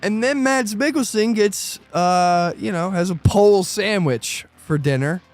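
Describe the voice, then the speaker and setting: Brief: male podcast co-host, a bit high, swears a lot and acts out quotes while recapping a film, light music underneath. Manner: profane, retells scenes with quick put-on quotes. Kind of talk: casual movie review chat.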